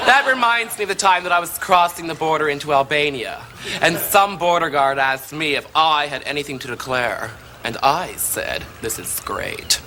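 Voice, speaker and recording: An actor playing a flamboyant, catty gay socialite, delivering an arch, mocking sketch monologue with studio audience laughter behind. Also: male voice, fairly high pitch, noisy background, lightly acted.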